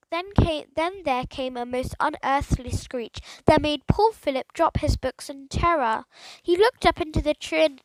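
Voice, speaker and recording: High-voiced woman reading a storybook. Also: no room sound, rough recording. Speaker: audiobook narrator. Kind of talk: storybook narration.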